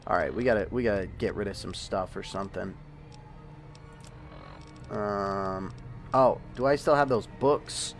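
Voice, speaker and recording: Chatty male streamer, jokey offhand talk over soft game music. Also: on the low side, measured pace, pauses often. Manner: joking, rambling, chatty with viewers. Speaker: livestreaming gamer. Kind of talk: casual gameplay commentary.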